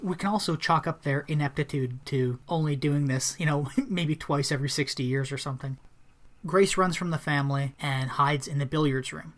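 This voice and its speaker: A man's voice: fairly high pitch, moderate pace, a bit bright. A man co-hosting a casual movie podcast, retelling scenes and laughing often. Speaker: podcast co-host.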